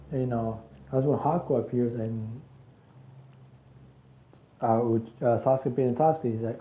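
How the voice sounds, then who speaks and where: Dude rambling through a story, lots of you know's, lo-fi echoey sound. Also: male voice, mid-range voice, fairly even intonation, measured pace, pauses often. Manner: rambling, full of fillers and restarts. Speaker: channel host. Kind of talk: casual story retelling. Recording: tinny echoey phone-like audio.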